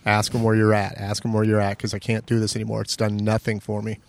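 A man's voice: lowish voice, completely flat delivery, fast talker, a little mellow. A man co-hosting a podcast, telling a self-deprecating story in casual comedic chat and acting out the people he quotes. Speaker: podcast co-host.

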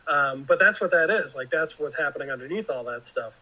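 A man with a bright, forceful voice pitched a little high speaks as a guest writer in a relaxed interview. He rambles through his thoughts and leans heavily on filler words. The talk is loose and conversational. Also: brisk, rough recording.

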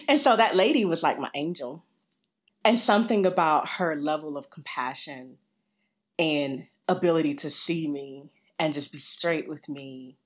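A woman telling a personal story as a guest, lively and laughing often, acting out what others said. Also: low-pitched, measured pace. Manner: animated, laughs often, acts out quoted voices. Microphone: remote call.

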